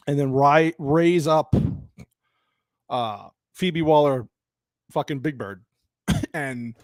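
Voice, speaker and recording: A man hosting a live stream and ranting about a film, cursing freely and tripping over restarts as he jumps between thoughts. He stops to greet and answer chat viewers by name. His voice sits a little high, and the sound is dry with no room echo. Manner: angry, profane, rambling with restarts. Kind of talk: live-streamed movie rant.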